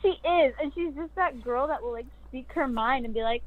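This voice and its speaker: Giggly high-voiced woman on a tinny call. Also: moderate pace. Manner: bubbly, giggly, acts out character lines. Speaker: voice actress guest. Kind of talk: casual chat on a video call podcast. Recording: tinny phone-like remote audio.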